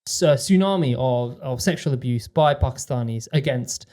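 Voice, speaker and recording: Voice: mid-range voice, mellow. A podcast co-host who asks probing questions and often chimes in with agreement. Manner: quick, probing questions, frequent backchannel agreement. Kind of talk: conversational podcast discussion.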